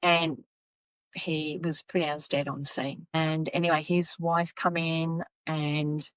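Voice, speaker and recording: Guesting on a podcast, this woman, a psychic medium, spins casual stories with lots of animation, performing the voices of the characters. Her low voice moves slowly and sounds clean, with no room sound, though the recording quality is poor.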